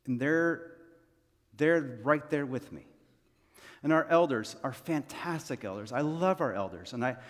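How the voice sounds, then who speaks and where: A man preaches to his church in a relaxed, conversational way, earnestly circling back to his main questions. His voice sits in a middle register. The sound carries a long hall reverb from the sanctuary. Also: mid-range voice, measured pace. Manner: earnest, repeats key phrases to the congregation. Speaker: senior pastor. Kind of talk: conversational sermon.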